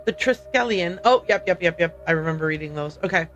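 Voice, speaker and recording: A woman's voice: lowish voice, expressive, brisk, a bit bright, highs cut off, soft background music. A woman streaming a mystery game, chatting casually, laughing often and reacting aloud as she reads on-screen text. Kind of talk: casual let's-play commentary.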